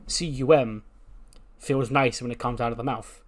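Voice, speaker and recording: A sheepish young wrestler who rambles on and trips over his words, as a man puts him on. He sounds like an ordinary guy telling a game story, his pitch sitting in the middle of the range. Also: steady tone, moderate pace, lightly acted.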